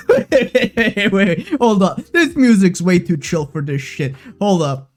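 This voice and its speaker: Faint music plays behind a mid-range voice as a streamer loudly commentates a game, cursing freely. The excitable delivery swings fast from giddy delight to exasperation.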